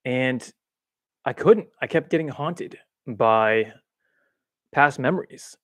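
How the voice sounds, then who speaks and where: A man hosting a livestream from a chair at home, rambling through spiritual ideas with lots of fillers and self-mocking laughs. His voice sits in an ordinary middle range. The recording is close and dry on a boom mic. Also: slow, a bit bright, no echo. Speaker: livestream host. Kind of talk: casual spiritual chat. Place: home room, seated in a swivel chair. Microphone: boom-arm mic.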